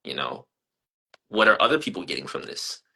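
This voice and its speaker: Bright-voiced reflective male artist. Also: sits low, normal speed, vocal fry, husky. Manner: earnest, thoughtful, animated when telling stories. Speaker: artist interview guest. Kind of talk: reflective interview answers.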